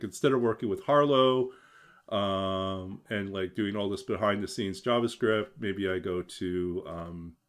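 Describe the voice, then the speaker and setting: A young man streaming a game and chatting casually about coding, rambling and hesitant with many fillers and restarts. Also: on the low side. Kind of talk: casual chat while gaming.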